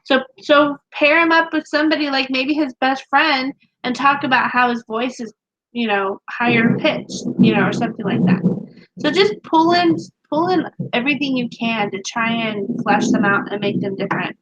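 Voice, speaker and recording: A woman's voice: sits high, normal speed, fairly bright tone, lo-fi sound, slight background noise. A woman co-hosting a casual chat about writing, talking in a chatty way with many fillers and restarts. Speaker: podcast co-host, author.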